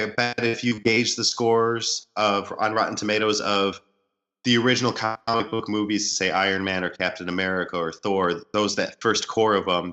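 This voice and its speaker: A man with a low, forceful voice co-hosting a casual movie podcast. He thinks out loud in long, earnest explanations. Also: lo-fi sound. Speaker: podcast co-host, screenwriter.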